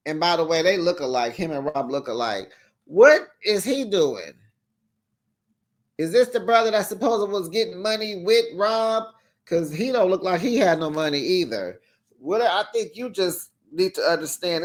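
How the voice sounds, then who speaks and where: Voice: mid-range voice, a bit bright. A reality TV recap host chatting casually with viewers in a sassy, direct way and laughing easily between remarks. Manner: sassy, talks straight to viewers, acts out quoted lines. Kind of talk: casual episode recap vlog.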